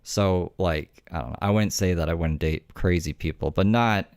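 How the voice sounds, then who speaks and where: A man's voice: low voice, moderate pace, a little mellow, no echo, studio quality. A young man hosting a stream, talking to his chat in a blunt, laid-back way and swearing freely. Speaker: streamer and host.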